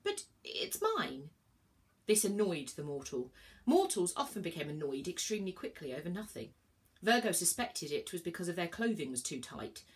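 A woman's voice: on the low side, lively intonation, brisk. A woman reading a children's novel aloud, telling the story expressively. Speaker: reader. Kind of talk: children's book read-aloud.

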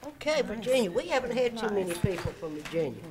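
A woman's voice: medium pitch, big pitch swings, fast talker, a crowd in the background. A woman hosting a community birthday party, speaking in an upbeat, chatty way. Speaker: event host.

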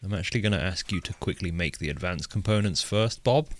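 Low-voiced man streaming a colony game. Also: lively intonation, fairly quick. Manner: chatty, joking, talks to his game characters. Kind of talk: live gameplay commentary.

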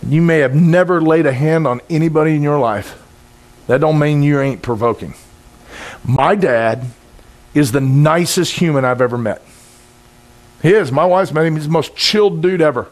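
Guy preaching, kinda high voice, gets fired up, loud bursts now and then. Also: normal speed, long pauses. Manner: intense, conversational preaching with sudden loud bursts. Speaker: pastor. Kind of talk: sermon.

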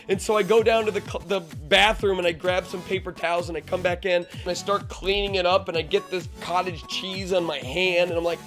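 A man, a teacher, telling a funny story from his classroom in a lively way, dropping low and then getting excited. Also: fairly quick, hardly any pauses, soft background music. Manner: lively, swings from hushed to excited. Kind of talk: animated personal storytelling.

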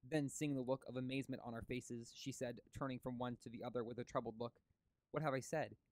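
A man reading a classic novel aloud, steady with occasional stumbles and restarts. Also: medium pitch, fast talker, dry recording. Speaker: audiobook reader.

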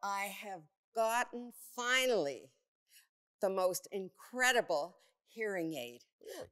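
A woman telling a joke as a little two-person exchange, slowly and unhurried. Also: medium pitch. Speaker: joke teller.

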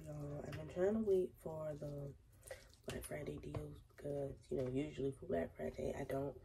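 A woman's voice: low-pitched, gravelly, far from the mic, background noise. A young woman with a cold chatting casually to her viewers from her home kitchen, talking straight to camera and cursing freely. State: has a cold, sniffling. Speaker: vlogger.

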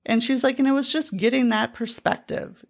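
A woman's voice: a little high, steady tone, normal speed, gravelly. A middle-aged woman coach chatting casually on a podcast, retelling conversations with lots of fillers. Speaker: life coach.

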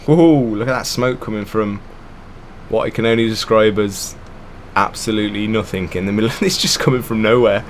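Over a little hiss or hum, a young gamer with a low-side voice speaks at normal speed, commentating sarcastically on a game. He rants in bursts, swears a lot and laughs often.

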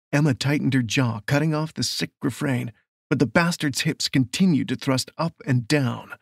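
A man reading a romance novel aloud in a steady, measured storytelling voice. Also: mid-range voice, gravelly, husky, dry recording, clean studio sound. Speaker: audiobook narrator. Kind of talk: scripted romance narration.

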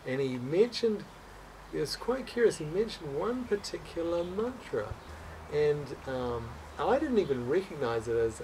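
A man's voice: medium pitch, mellow, recorded from a distance, slight background noise, low-quality recording. A man telling a personal story as a guest in a conversation. He speaks earnestly and with open emotion, stumbling, restarting and repeating words as he goes.

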